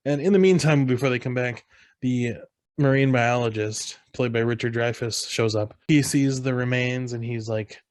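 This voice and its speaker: A man's voice: mid-range voice, fairly even intonation, normal speed, a little mellow, no echo. A man co-hosting a podcast, casually retelling a film scene by scene and acting out lines in raised voices. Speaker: podcast co-host. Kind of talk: casual movie recap chat.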